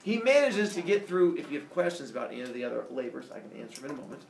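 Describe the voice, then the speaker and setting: Brief: male teacher, gravelly, lively storyteller, roomy classroom, heard from across the room. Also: a little high, racing, slight background noise. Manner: animated, playful, asks the class questions. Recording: echoey classroom from far off.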